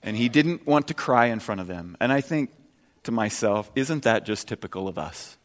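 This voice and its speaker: A man's voice: animated, moderate pace. Earnest man preaching in a reverberant hall. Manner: earnest, swings from soft and low to loud and emphatic. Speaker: pastor. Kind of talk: sermon.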